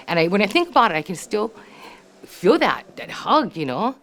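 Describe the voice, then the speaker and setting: An older woman, sharing an emotional family memory in a heartfelt, halting way, repeating herself and saying "you know" often. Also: mid-range voice, big pitch swings, fairly bright tone. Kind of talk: emotional personal storytelling.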